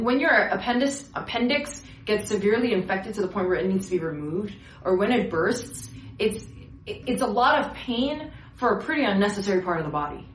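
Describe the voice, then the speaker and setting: A woman's voice: medium pitch, roomy sound, slight background noise, low-quality recording. A young woman giving a casual sermon, telling stories animatedly and acting out other people's voices. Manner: animated storytelling with acted-out voices. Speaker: preacher.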